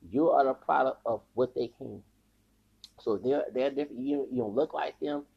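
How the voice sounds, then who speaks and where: Man, podcast host, heated rambling rant, raspy, gravelly. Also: mid-range voice, moderate pace, highs cut off. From United States. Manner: heated, rambling, stumbles and repeats words. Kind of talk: ranting commentary.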